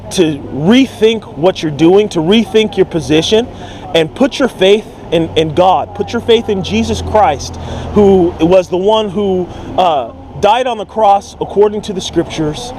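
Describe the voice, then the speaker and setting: A man's voice: high voice, a little mellow, a little hiss or hum, rough recording. A man preaching on a city street, earnest and pleading, often repeating his words. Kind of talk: open-air street preaching.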